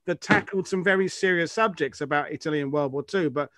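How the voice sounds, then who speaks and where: Higher-voiced man steering a panel chat. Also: pushed and bright, no room sound, studio quality. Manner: chatty, quick to laugh, steers the talk. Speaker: host.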